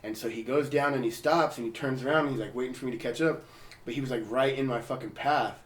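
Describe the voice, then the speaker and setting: A young man hosting a podcast, telling a story in casual chat, animated and swearing a lot, with his voice leaping up high for quoted people. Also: fast, roomy sound, recorded from a distance, a little hiss or hum. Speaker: podcast host. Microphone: portable recorder.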